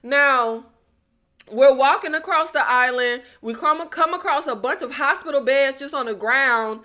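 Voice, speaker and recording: A woman's voice: high voice, measured pace, bright, forceful tone. A woman recapping a TV episode in a casual, exasperated tone, firing off sarcastic rhetorical questions at her viewers. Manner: addresses viewers as y'all. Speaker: TV recap vlogger.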